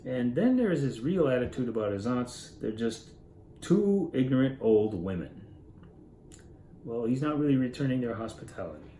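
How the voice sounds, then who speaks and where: A man's voice: mid-range voice, expressive, moderate pace, dark tone, roomy sound, slight background noise, poor audio. A man retelling and explaining a classic story in an earnest, informal way, musing aloud and correcting himself as he goes. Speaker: literature reader explaining a story. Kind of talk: informal story summary and commentary.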